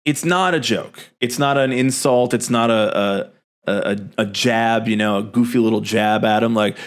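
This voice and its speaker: A man in his thirties hosting a casual reaction chat, ranting in an animated way with swearing and laughter. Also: lowish voice, moderate pace. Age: 30s. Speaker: host.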